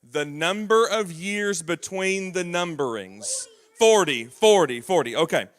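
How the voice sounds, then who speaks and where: Man, Southern accent, church Bible teacher, quizzing children, encouraging, slightly high-pitched. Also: lively intonation, unhurried. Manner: patient, prompting, encouraging. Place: church auditorium.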